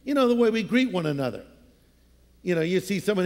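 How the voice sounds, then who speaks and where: A man's voice: sits high, very animated, quick pace, darkish tone, big-room sound. A man preaching a sermon as a pastor, talking in a conversational, storytelling way and dropping into playful voices.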